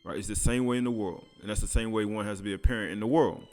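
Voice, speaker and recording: A man's voice: lowish voice, fast talker, a little mellow, faint music behind. A man preaching a sermon, reading scripture aloud and commenting in casual speech with laughs.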